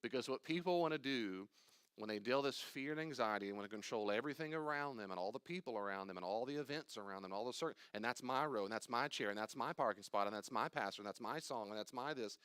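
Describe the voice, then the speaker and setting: A man's voice: mid-range voice, fast talker, fairly bright tone, clean tone, no room sound, studio quality. An older man, a pastor, teaching a church study class in an emphatic, conversational way, acting out anxious inner voices and wandering into asides.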